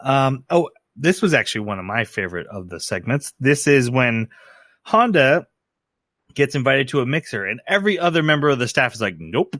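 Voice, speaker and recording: Bright, dry-sounding male podcast co-host. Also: medium pitch, fairly quick, dry recording. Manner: animated, retells scenes with quoted voices and laughs. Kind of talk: casual chat.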